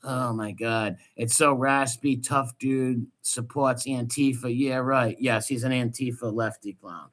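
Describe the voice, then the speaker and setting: A man hosting a stream, ranting in crude, mocking casual commentary with loud outbursts. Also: mid-range voice, steady tone, unhurried, few pauses. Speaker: stream host.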